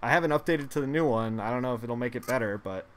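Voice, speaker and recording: A man's voice: medium pitch, fast talker, fairly bright tone, slight background noise. A man chatting casually while painting on a live stream, rambling with lots of fillers and laughing at his own jokes. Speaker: digital artist streaming a painting session.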